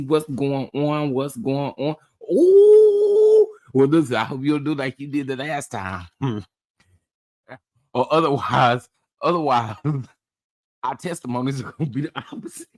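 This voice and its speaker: A man's voice: medium pitch, dry recording. Sassy, chatty man hosting a live stream. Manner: animated, laughs often, greets chat viewers by name; sassy and chatty, calls people honey, child, baby. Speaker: livestream host. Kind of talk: casual live-stream chat.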